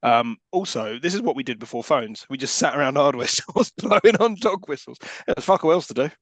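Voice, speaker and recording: A man's voice: medium pitch, expressive, fairly quick, a bit bright, dry recording. A man trading dry, joking asides as co-host of a casual podcast. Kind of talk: casual chat recapping a film.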